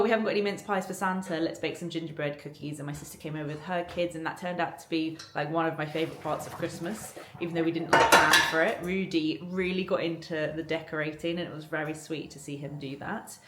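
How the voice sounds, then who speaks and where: A woman, chatting casually to camera for her vlog at home, bubbly and rambling. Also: deep voice. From London. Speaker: vlogger. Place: home kitchen. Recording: echoey kitchen with background noise. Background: cooking sounds.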